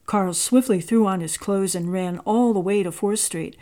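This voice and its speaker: A woman reading a story aloud in a measured, expressive narrating voice. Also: mid-range voice.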